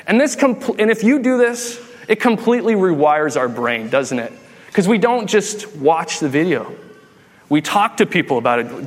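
A man's voice: high-pitched, normal speed. A man in his thirties preaching a humorous sermon, telling jokey stories and acting out quotes. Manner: animated, jokey, acts out quotes. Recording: long hall reverb.

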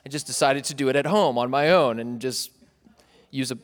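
A man's voice: mid-range voice, a little fast, big-room sound. A young man from East Tennessee giving a casual sermon as pastor, chatty and self-deprecating, joking with the crowd.

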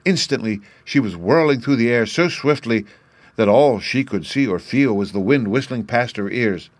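A man reading a storybook aloud as an audiobook narrator, calm and even. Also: medium pitch, moderate pace, dry recording.

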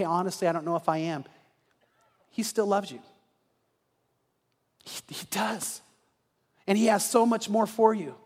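A male pastor preaching a sermon, telling a story and often restarting words, dropping low and soft at tender moments. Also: in a large hall. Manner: repeats words when restarting. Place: church sanctuary.

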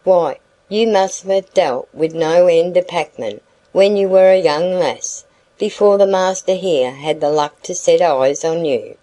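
Storybook peddler, young man, sly and flattering, rustic speech, read by a woman; unhurried, mellow. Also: fairly low pitch, natural voice, poor audio. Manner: rustic dialect, wheedling flattery.

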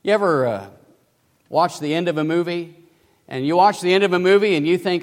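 A man's voice: high-pitched, a little fast. A man preaching a sermon as pastor, emphatic and full of rhetorical questions, recorded in a church sanctuary. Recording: long hall reverb.

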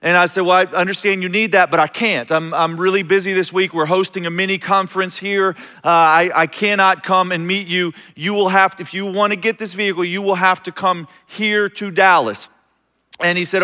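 A man's voice: high voice, steady tone, moderate pace, bright, forceful tone. A man preaching a sermon, telling a personal story and acting out the voices in it with restarts. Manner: storytelling, acts out quoted voices, self-interrupting restarts. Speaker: pastor. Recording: long reverb of a large hall.

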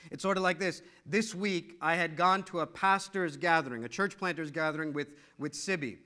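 A middle-aged male pastor preaching a sermon with animated, repetitive storytelling. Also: a little high, normal speed, smooth.

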